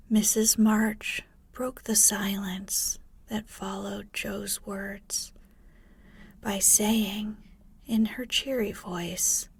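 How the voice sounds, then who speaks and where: A woman reads a bedtime story in a soft, unvoiced whisper, very slow and breathy. She is close to the mic in a dry space with no echo. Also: mid-range voice. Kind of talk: whispered sleep story reading.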